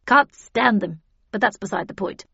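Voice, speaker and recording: A woman plays an irascible old spinster obsessed with cars, speaking in a curt, sharp, dismissive way with a brusque mood. Her medium-pitched voice is creaky and husky, moving at a moderate pace in a heavily acted delivery. The lo-fi audio sounds dull and dry, with no echo.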